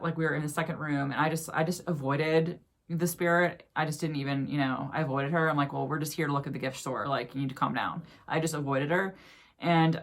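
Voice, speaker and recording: A woman's voice: sits low, fairly bright tone. A woman vlogger casually telling a personal ghost story, chatty and full of fillers.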